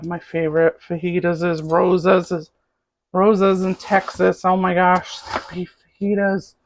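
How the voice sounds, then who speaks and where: Chatty middle-aged woman cooking at home. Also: fairly low pitch. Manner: chatty, rambling, talks to camera while cooking. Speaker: cooking show host. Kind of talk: casual cooking vlog. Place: home kitchen. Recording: noisy kitchen with clattering dishes. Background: pots, pans and dishes clattering.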